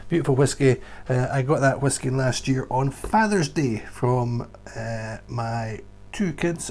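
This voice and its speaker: A man in a casual home vlog talks about whiskies with eager, emphatic enthusiasm. His voice sits in an ordinary middle pitch. A faint hum runs under the recording. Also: a little mellow. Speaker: whisky tour guide. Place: indoors at home beside a shelf.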